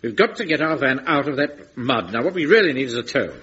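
An actor playing a pompous, blustering Home Guard captain in a vintage radio comedy. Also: male voice, mid-range voice, big pitch swings, a little fast, pushed and bright, slightly rough, heavily acted. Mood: exasperated. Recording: dull vintage broadcast recording.

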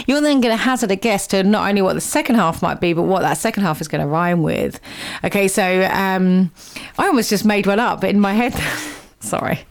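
A woman's voice: medium pitch, gravelly. A woman presenting a radio show in a casual, chatty way, laughing easily.

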